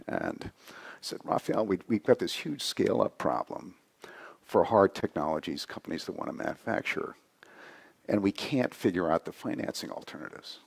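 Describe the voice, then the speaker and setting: A man giving a conversational conference talk, often ending points with a quick "right?". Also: deep voice, vocal fry, slightly rough. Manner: conversational, frequent "right?" tags. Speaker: conference speaker. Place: conference hall.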